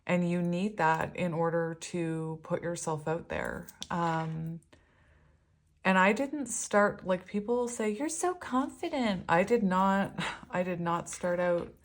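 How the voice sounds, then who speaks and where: A woman's voice: on the low side, expressive, slow pace. A woman doing a casual spiritual tarot reading, chatty and rambling, laughing often as she talks. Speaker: tarot reader.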